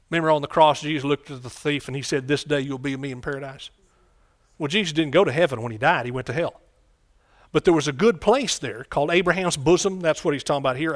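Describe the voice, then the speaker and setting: A man with a voice on the high side preaches a conversational sermon, frequently repeating phrases and putting questions to the congregation.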